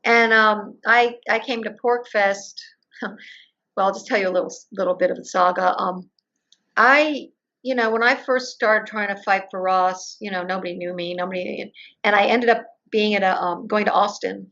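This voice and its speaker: A woman's voice: medium pitch, fairly even intonation, normal speed, gravelly, a bit bright. An older woman being interviewed, telling her story at length and acting out the conversations she recounts. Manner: storytelling, acts out quoted exchanges. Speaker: interview guest. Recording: muffled lo-fi audio.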